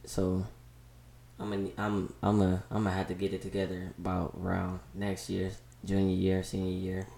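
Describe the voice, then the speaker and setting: Gravelly teen boy in echoey room. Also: deep voice, completely flat delivery, moderate pace, warm tone, a little hiss or hum. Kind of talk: casual chat.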